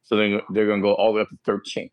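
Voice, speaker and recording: A man co-hosting a podcast in casual chat, animated and joking. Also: on the low side, rapid-fire, clean tone, no echo. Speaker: podcast co-host.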